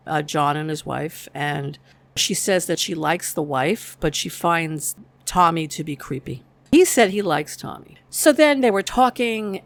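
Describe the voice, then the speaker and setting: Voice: mid-range voice, vocal fry, fairly bright tone. A TV show reviewer giving a chatty, casual recap of an episode's plot, with the odd light laugh.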